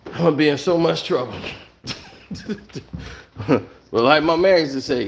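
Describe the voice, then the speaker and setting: A man's voice: a little high, expressive, fast talker, slight background noise. A man giving a heated solo commentary from home, blunt and angry, firing off rhetorical questions. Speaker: online commentator.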